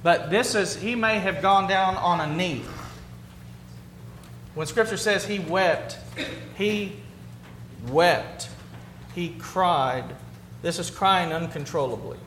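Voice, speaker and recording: Pastor guy preaching, higher voice, echoey church sound, goes quiet and low on the big words. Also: takes it slowly, long pauses, a little hiss or hum. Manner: drops to a hushed low voice on key words, then builds up. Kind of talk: sermon. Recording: roomy, echoey hall.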